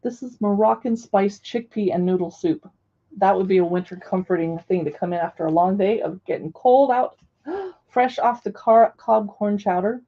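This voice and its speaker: A woman's voice: medium pitch, moderate pace, warm tone, dull audio. A young woman hosting a casual live stream from home, chatting and reading recipe titles aloud to viewers. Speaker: live stream host reviewing cookbooks.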